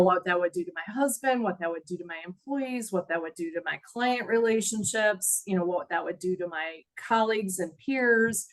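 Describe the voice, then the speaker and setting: Middle-aged woman opening up in an interview, emotional but steady, reflective. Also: mid-range voice, poor audio. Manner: earnest, reflective, laughs at times. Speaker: guest. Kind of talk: candid interview storytelling.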